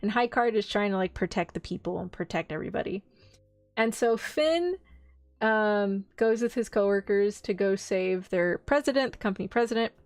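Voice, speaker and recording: Excitable woman streamer recapping anime. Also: mid-range voice, moderate pace, dry recording, faint music behind. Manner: rambling, excitable, acts out characters' lines. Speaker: vtuber streamer. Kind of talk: casual chat recapping anime.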